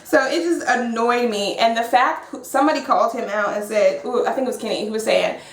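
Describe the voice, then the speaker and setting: A woman recapping a reality dating show as co-host, sassy and playful with quick asides. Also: a little high. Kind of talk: casual reality TV recap chat. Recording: echoey room.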